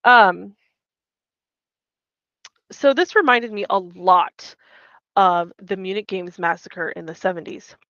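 A woman's voice: mid-range voice, slow, pauses often, no room sound. A woman co-hosting a podcast, chatting casually through a recap and acting out the characters' lines with some swearing. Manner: animated, acts out quotes, swears casually. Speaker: podcast co-host. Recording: dull muffled mic.

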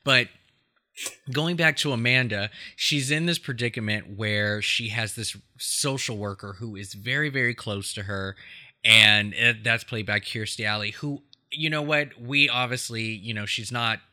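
A man's voice: mid-range voice, unhurried, pushed and bright. A man hosting a podcast, chatting casually about a film with many fillers and frequent laughs. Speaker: podcast host.

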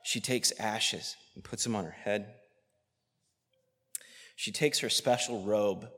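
A man preaching a sermon with passion, swinging between loud outrage and hushed, near-whispered tenderness. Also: lowish voice, takes it slowly. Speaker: pastor. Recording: long hall reverb.

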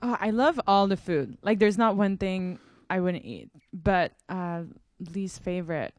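A woman's voice: mid-range voice, measured pace, a little mellow, no room sound. A woman from Quebec being interviewed, answering in an easygoing, hesitant way and laughing often. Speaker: interview guest, entrepreneur. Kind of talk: casual interview chat.

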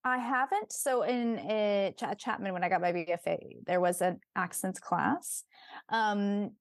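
A young woman talks casually as a guest on an interview show. Her speech is chatty and upbeat, full of fillers and quick restarts. Her voice sits in a middle register and is recorded dry and close, with no room sound. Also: medium pitch, vocal fry, no echo. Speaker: actress, podcast guest.

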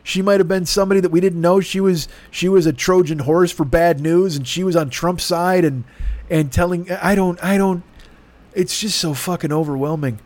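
A man's voice: high voice, normal speed, darkish tone. A man hosting a comedy podcast, delivering an exasperated, profane, rambling rant. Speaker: podcast host. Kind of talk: ranting comedy podcast monologue.

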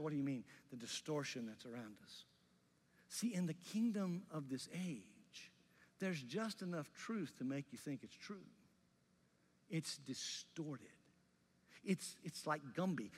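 A male pastor preaching a sermon with passion, rising loud and dropping soft. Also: on the high side, lively intonation, normal speed, slightly rough, big-room sound.

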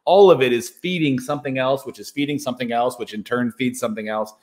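A man's voice: mid-range voice, fast talker, darkish tone. Rambling male podcast host. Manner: rambling, thinks aloud, self-deprecating. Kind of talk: casual conversational interview.

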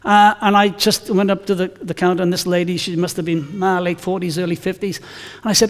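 A man's voice: sits high, level tone, a little fast, big-room sound. A male pastor preaching a conversational sermon, telling stories and reading scripture with emphasis.

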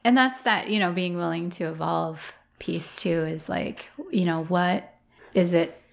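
A woman's voice: lowish voice, steady tone, unhurried, vocal fry. A woman flower farmer talking through her thoughts in a casual interview, rambling with many fillers.

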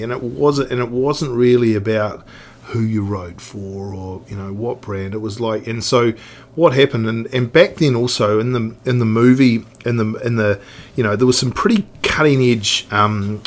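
A middle-aged New Zealand man chats loosely as a podcast guest, circling back and restarting his sentences. His voice sits at an ordinary middle pitch, with a faint hiss of noise underneath. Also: normal speed. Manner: rambling, many restarts and fillers. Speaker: guest, snowboard industry veteran. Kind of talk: casual podcast chat.

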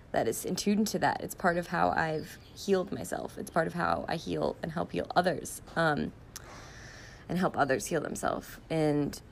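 A middle-aged woman with a lowish voice talks on her own podcast. She rambles and restarts her sentences, openly emotional. A faint hiss of ambience sits behind her. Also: vocal fry. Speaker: podcast host. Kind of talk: casual personal podcast monologue.

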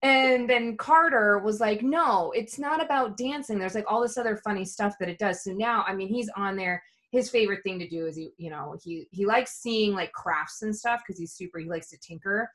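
A woman co-hosting a podcast, telling casual, animated stories with lots of swearing and laughter. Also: mid-range voice, normal speed, hardly any pauses. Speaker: podcast co-host. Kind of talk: casual chat.

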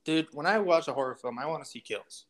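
A man's voice: fairly high pitch, animated, fast, a bit bright. A young man hosting a podcast in crude casual chat, blunt and trash-talking. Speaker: podcast host.

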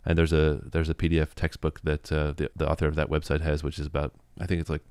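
A man's voice: rumbling low, completely flat delivery, fast, darkish tone, smooth, no room sound. A man being interviewed, explaining at length in a casual, thoughtful way with frequent fillers and restarts. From United States. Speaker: guest, Taiwanese language teacher.

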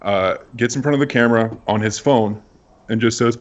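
A man's voice: mid-range voice, normal speed. A man, a guest creator, chatting casually and candidly on a panel. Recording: dull lo-fi audio.

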